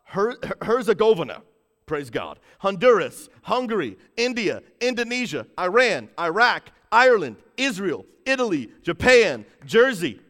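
A man preaching to a livestream church audience, building hype and calling on the chat to respond, swinging from loud bursts to low, intent emphasis. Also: sing-song, unhurried, in a large hall. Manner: rises to shouting in bursts, drops low to stress points. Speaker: pastor.

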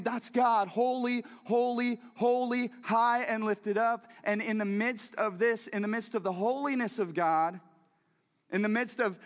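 A man preaching a sermon in a church, talking in a lively, conversational way with frequent restarts and repeated words. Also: sits high, big-room sound. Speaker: pastor. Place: church sanctuary.

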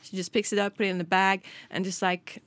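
A woman's voice: medium pitch, level tone, quick pace, a bit bright, no echo. A middle-aged woman, co-hosting a casual chat and telling a story with quoted dialogue. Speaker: podcast co-host.

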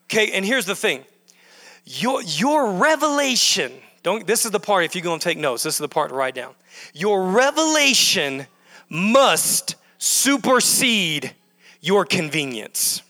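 A man's voice: high-pitched, big pitch swings, measured pace, pushed and bright, big-room sound. A male pastor preaching a sermon in a church, emphatic and repetitive, building his points in bursts. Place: church sanctuary.

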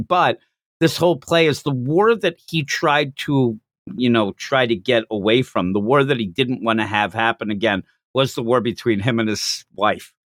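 A man hosting a podcast, casually recapping a manga chapter in a jokey, animated way. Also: medium pitch, dry recording, studio quality. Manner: animated, jokey retelling with quick acted quotes. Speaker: podcast host.

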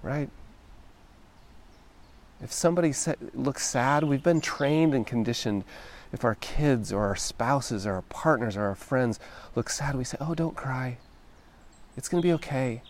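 A man hosting a solo podcast, speaking in a gentle, reflective, encouraging way and often checking in with "right?". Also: medium pitch, lively intonation, normal speed. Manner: conversational, often ends thoughts with "right?". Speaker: podcast host.

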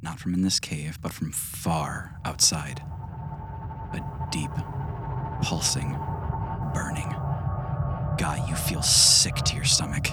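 A man with a very low voice narrates a tabletop game as game master, hushed and dramatic, often sinking into a whisper. A clear music bed runs beneath his narration. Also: steady tone, slow, pauses often.

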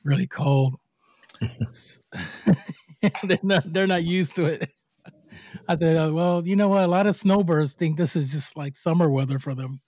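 A man in a casual interview host role, speaking with a somewhat high voice and a dark, mellow tone. He talks loosely and laughs often, stumbling over his notes. The recording is close and dry. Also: normal speed, no room sound. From United States. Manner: chatty, stumbles while reading a bio, laughs often. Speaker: podcast host.

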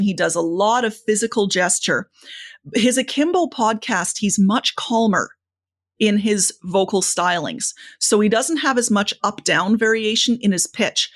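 A woman speaking coach giving advice as a podcast guest, expressive and lively, with a voice that moves up and down a lot. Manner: lively, varied pitch, expressive. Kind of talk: conversational interview.

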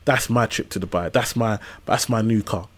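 A man in his thirties, a podcast guest who tells lively stories in casual slang. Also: on the low side, moderate pace. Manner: animated storytelling with casual slang. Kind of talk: casual conversational interview.

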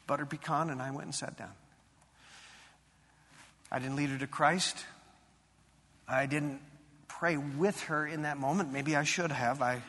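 Male pastor, sermon, earnest confessional storytelling, bright tense voice, echoing church hall. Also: on the high side, vocal fry, husky. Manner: earnest, confessional storytelling building to fervent emphasis. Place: church sanctuary. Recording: long reverb in a large hall.

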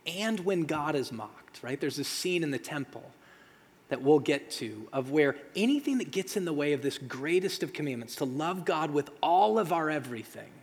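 A man preaching a sermon as pastor, talking conversationally with dramatic pauses and rhetorical questions. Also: fairly high pitch, lively intonation, husky. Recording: long reverb of a large hall.

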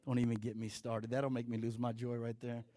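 A middle-aged man preaching a sermon as pastor, conversational and animated, with frequent restarts and playful asides. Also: mid-range voice, fairly quick.

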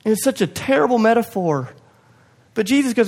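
A young man preaching a sermon to his church, passionate, swinging from loud urging to hushed quiet, with self-deprecating asides. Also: extremely high pitch, animated, a little fast. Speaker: pastor. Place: church hall.

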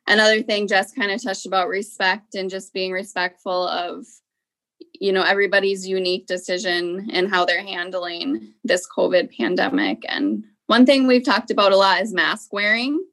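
A woman's voice: mid-range voice, fairly even intonation, moderate pace, a bit bright. A woman educator speaking earnestly in an interview, reflecting aloud with frequent filler phrases. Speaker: school educator.

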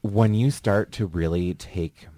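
A man's voice: fairly low pitch, slow pace, warm tone, dry recording. A man hosting a podcast, talking in an earnest, chatty way. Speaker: podcast host. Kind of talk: casual chat.

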